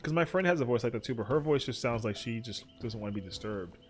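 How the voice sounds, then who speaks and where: A young man streams a game while chatting casually, his mid-range voice animated and fast. He rambles and leans heavily on "like" as a filler.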